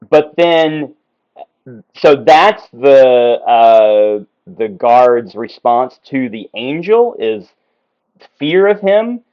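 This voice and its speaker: Guy walking through a bible passage at a whiteboard, lots of ums and restarts, medium pitch, kinda muffled audio. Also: a little mellow. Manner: conversational, many ums and self-corrections. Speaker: Bible teacher. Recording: slightly dull lo-fi sound.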